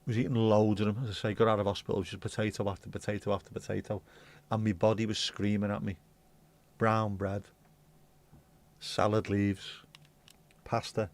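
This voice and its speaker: A man's voice: fairly low pitch, flat delivery, moderate pace, long pauses, darkish tone. A man hosting a livestream, chatting bluntly and rambling through viewer comments with the odd swear. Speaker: livestream host. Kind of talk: casual chat reading viewer comments.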